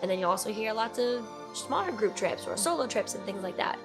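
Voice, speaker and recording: A woman's voice: mid-range voice, lively intonation, brisk, music in the background. Woman host, easy casual chatter, plenty of filler words. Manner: chatty, says "like" a lot. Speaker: podcast host. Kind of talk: casual podcast chat.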